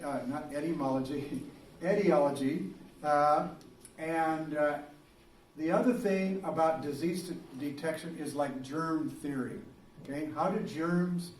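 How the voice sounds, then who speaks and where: A man's voice: fairly high pitch, darkish tone, a little hiss or hum. Man lecturing in a roomy classroom. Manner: casual and rambling, with many fillers and restarts. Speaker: biology teacher. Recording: roomy classroom, recorded from a distance.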